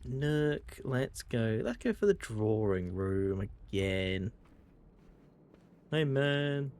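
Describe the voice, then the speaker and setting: Playful English man with a lively voice. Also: medium pitch, extremely slow. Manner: playful, wry, slips into put-on posh voices. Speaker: streamer. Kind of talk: casual gameplay commentary.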